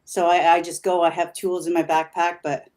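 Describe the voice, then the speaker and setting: A woman's voice: on the low side, flat delivery, moderate pace, a little mellow. A woman guest, a paranormal investigator, talking in a rambling, eager way and often laughing as she explains her evidence. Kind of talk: casual chat on a live stream.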